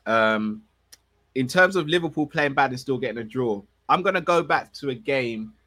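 A man co-hosting a casual football podcast. He talks in a relaxed, slangy way and breaks down matches calmly and in steady detail. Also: medium pitch. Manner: relaxed, slangy, measured analysis. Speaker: podcast co-host.

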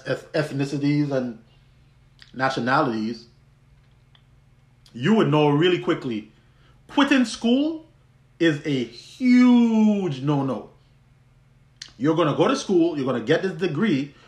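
A young man hosting a podcast, telling a personal story in a conversational way with many restarts and easy laughs. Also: fairly high pitch. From U.S. Virgin Islands. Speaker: podcast host. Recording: roomy echo.

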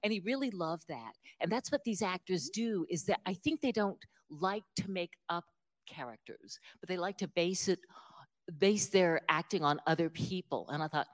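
Lively, lower-voiced woman telling stories. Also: moderate pace. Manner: animated, self-deprecating, laughs often. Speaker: author guest. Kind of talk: conversational interview storytelling.

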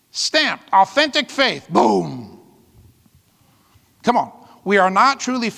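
A man's voice: high voice, creaky, pushed and bright. A man pastor preaching a sermon with emphatic, fiery delivery and call-outs to the congregation. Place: church hall. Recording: long reverb of a large hall.

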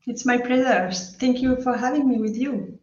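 A woman's voice: on the high side, normal speed, darkish tone. A woman with a mixed French and German accent, a guest coach speaking in a casual interview, laughing often and searching for words. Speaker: guest, life and career coach. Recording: distant, roomy, dull video call audio.

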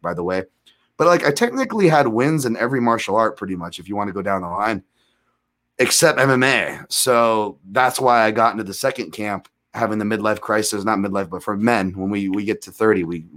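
A man in his thirties, a podcast guest telling rambling, self-deprecating fight stories with animated retellings. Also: fairly low pitch. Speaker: guest, MMA analyst. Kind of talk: casual storytelling in a podcast interview.

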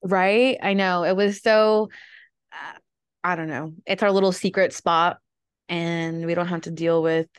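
A young woman hosts a casual podcast conversation about grief, rambling with fillers and nervous laughs. Her voice sits lowish, with a steady tone and a measured pace. The recording is dry and smooth.

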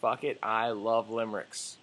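A young man co-hosting a sports podcast in casual chat, telling animated stories, swearing and acting out the voices of people he quotes. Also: lowish voice, measured pace.

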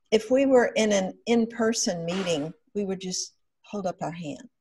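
A woman guest on a podcast, telling stories and explaining her ideas in a measured, earnest way. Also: mid-range voice, a little mellow, breathy edge. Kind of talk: conversational podcast interview.

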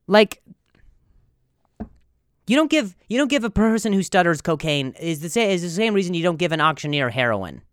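Stuttery guy doing his own comedy podcast, rambly, self-roasting, bouncy pitch. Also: very animated, moderate pace, long pauses, fairly bright tone, clear, resonant tone, no echo, studio quality. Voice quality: stutter with many repeated words and sound blocks. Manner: self-deprecating, rambling, jokey. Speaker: podcast host.

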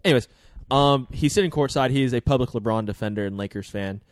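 A man's voice: medium pitch, fast talker, no echo, studio quality. A man co-hosting a podcast, chatting casually about sports news in a loose, rambling way with slang and lots of fillers. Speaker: podcast co-host.

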